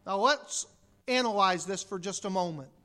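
A pastor preaching a dramatic sermon full of rhetorical questions, swinging from hushed tones to loud declarations. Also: mid-range voice, moderate pace.

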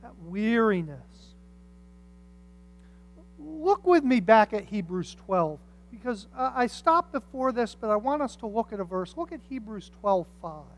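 A pastor preaching a sermon, telling stories with humorous asides and swinging from quiet reflection to loud emphasis. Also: mid-range voice, unhurried. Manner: animated storytelling with humorous asides.

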